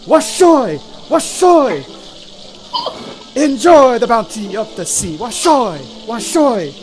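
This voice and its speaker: A game master voicing a cheerful catfish-like creature vendor who hawks seafood with loud sing-song cries. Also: medium pitch, very animated, takes it slowly, soft background music, voice pushed up. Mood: boisterous hawking.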